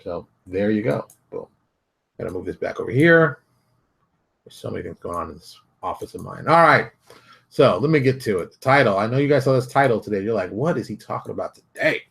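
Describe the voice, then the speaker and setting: A man hosting his own daily show, talking casually from his home office in a blunt, animated, ranting way. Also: fairly quick, vocal fry. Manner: blunt, animated ranting with big pitch jumps. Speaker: host. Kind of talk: casual solo vlog commentary.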